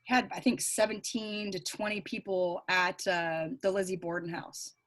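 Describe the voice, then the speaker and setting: A woman's voice: mid-range voice, normal speed. A middle-aged woman, a psychic medium guest, chatting and telling stories in a casual interview. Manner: chatty, animated storytelling with laughs.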